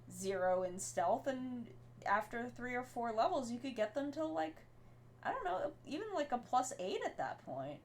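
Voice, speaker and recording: A woman's voice: a little high, a little hiss or hum. A sleepy woman streaming and chatting casually, rambling with many fillers. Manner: baby talk to her cat. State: sleepy, yawning.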